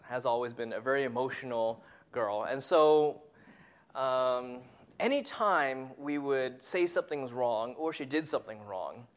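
A preacher giving a sermon who tells a family story and drops to a hushed whisper on key points. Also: medium pitch, lively intonation, measured pace.

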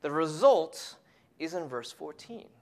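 A preacher giving a sermon who tells a family story and drops to a hushed whisper on key points. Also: mid-range voice, animated, measured pace.

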